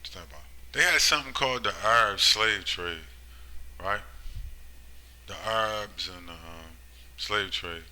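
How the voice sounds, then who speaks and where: A man delivers a rambling, preaching monologue in a bright, forceful voice. He keeps prodding his listeners with "right?" and "you see?", and his level swings from loud emphatic bursts to low muttering. He slows right down when he reads scripture. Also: poor audio. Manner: slow, drawn-out scripture reading. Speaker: religious commentator.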